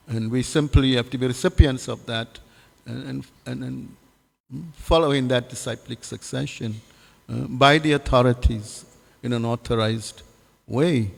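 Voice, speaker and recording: Gravelly man teaching in a reverberant hall. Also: medium pitch, steady tone. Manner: halting, many fillers and restarts, asks the audience questions. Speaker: scripture class teacher. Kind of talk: devotional scripture class.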